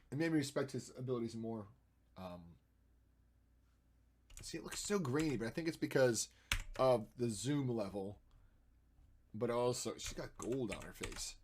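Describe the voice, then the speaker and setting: A man streaming while he edits photos, chatting and thinking aloud, with playful sound effects and jumps between loud and quiet. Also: medium pitch, a little hiss or hum. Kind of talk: casual live-stream commentary.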